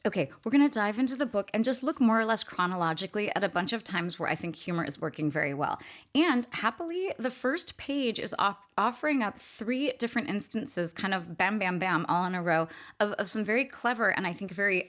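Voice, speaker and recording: Lively woman discussing a novel. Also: mid-range voice, fairly quick. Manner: enthusiastic, chatty, many fillers. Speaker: book discussion host. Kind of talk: literary analysis talk.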